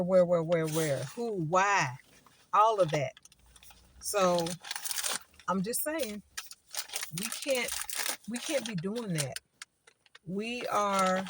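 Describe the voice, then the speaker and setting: A woman's voice: mid-range voice, a little hiss or hum. A woman talking casually to her viewers, emphatic and repeating words as she lectures, then chats. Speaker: vlogger. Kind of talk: casual vlog talk to viewers.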